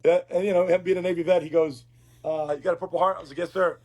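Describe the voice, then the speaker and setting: Guest: middle-aged man from Uruguay, high voice, rapid lively storyteller. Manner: animated, acts out quoted dialogue. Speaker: podcast guest. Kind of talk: casual storytelling interview.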